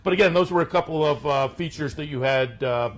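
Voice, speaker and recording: A man hosting a radio talk show about horse racing, chatting in a relaxed way with many "uh"s and restarts. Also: on the high side, a little fast. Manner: relaxed, frequent fillers and restarts. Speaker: host. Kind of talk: casual radio chat.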